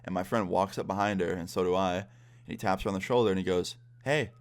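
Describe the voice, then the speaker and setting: A man's voice: deep voice, level tone, fast. A young man casually telling a story on his vlog, blunt and profane. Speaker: vlogger.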